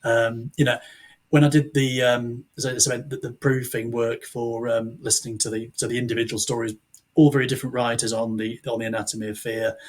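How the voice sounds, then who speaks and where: An author appears as a podcast guest, chatting casually in a medium-pitched voice with little pitch movement and a fairly quick pace. He rambles, cuts himself off to restart sentences, and chuckles now and then.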